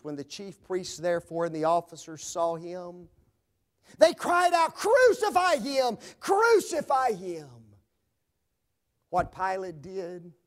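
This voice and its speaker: A male preacher delivering a sermon, swinging dramatically between loud proclamation and hushed low tones.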